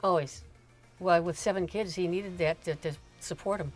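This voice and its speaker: An older woman tells stories from her younger days in a relaxed, rambling way, laughing between asides. Her voice sits on the low side for a woman. Faint music plays behind her. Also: moderate pace. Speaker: mother telling family stories. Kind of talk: casual storytelling chat.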